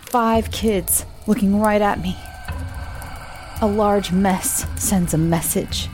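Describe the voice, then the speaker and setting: A woman narrating a scripted first-person horror story in a slow, low, hushed voice that often drops to a whisper. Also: fairly even intonation, faint music behind.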